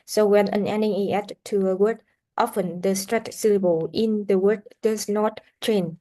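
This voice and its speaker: A woman teaching English pronunciation in a recorded lesson, explaining slowly with many "uh" fillers and modeling words for students to repeat. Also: mid-range voice, mellow. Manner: slow, explanatory, with frequent "uh" fillers; models sounds and words for repetition. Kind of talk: recorded classroom lecture.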